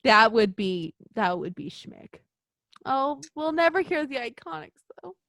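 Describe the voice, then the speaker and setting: Excitable woman podcast host, talks slow but swings her pitch all over, dry recording. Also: gravelly, no echo. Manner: excitable, swears freely, gushing. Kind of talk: casual chat.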